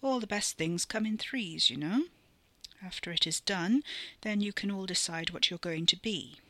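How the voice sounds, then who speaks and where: Woman doing an old otherworldly male enchanter for an audio story: measured, cryptic, bright dry read. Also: medium pitch, no room sound. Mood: gentle. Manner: measured, riddling, unhurried.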